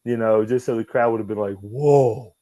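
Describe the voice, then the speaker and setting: Animated man telling stories. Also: medium pitch, normal speed, no echo, poor audio. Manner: animated, profane, acts out dialogue with voices. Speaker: guest, former wrestler. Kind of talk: casual storytelling interview.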